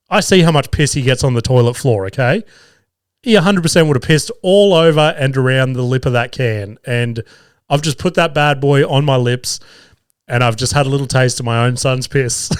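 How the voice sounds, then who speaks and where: Australian man, podcast host, mid-pitched, crude casual storytelling, laughs often, dry close sound. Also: no room sound. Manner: profane, laughing, animated anecdote telling. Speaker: father of two young boys.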